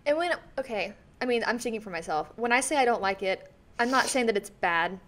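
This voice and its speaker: A woman's voice: on the high side, lively intonation, fairly quick, fairly bright tone. A young woman co-hosting a casual podcast, talking in an enthusiastic, rambling way. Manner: rambling, enthusiastic, many fillers like "like". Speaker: podcast co-host. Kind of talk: casual chat.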